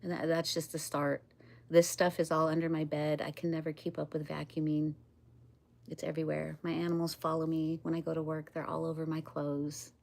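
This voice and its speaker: Low-voiced woman chatting on a live stream. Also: little pitch movement, fairly quick, creaky, darkish tone. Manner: rambling, laughs often, talks to her pets and chat. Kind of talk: casual live-stream chat.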